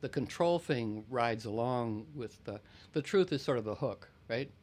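A man's voice: medium pitch, expressive, a little slow, darkish tone. Reflective man hosting a conversation. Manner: discursive, reflective, often clears throat. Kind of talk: casual conversation.

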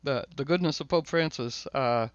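A man hosting a casual spiritual conversation, searching for words, repeating himself, bursting into excited asides. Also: medium pitch, moderate pace, smooth, dry recording, muffled recording. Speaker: host.

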